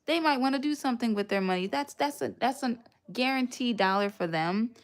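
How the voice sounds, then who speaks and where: A woman's voice: on the high side, lively intonation, a little fast. Chatty woman livestreaming from home. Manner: chatty storyteller, thanks viewers for gifts mid-story. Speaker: livestream host. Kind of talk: casual livestream chat. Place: home, near a radiator.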